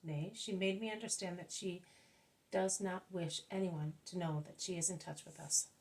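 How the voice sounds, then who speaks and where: Woman reader doing a calm, wise male master; low, slightly gravelly, unhurried. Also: close to an everyday voice, poor audio. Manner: measured, patient explaining.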